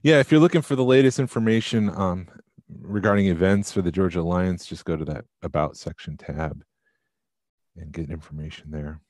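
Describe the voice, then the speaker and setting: A man co-hosting a collectibles podcast in casual chat, tired and halting with many ums. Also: low-pitched, darkish tone, no echo, clean studio sound. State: sleepy. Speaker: podcast co-host.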